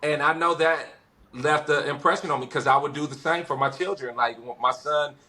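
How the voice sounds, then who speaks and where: A man's voice: on the high side, fairly quick. A man from West Los Angeles, a podcast guest, telling stories casually and acting out what people said. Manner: animated storyteller, acts out quotes. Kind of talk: casual conversation.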